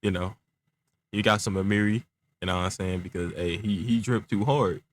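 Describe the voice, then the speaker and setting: A young man casually telling an improvised story, in laid-back slang full of filler phrases, stuttering a little as he talks around clear aligners. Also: on the low side, steady tone, normal speed.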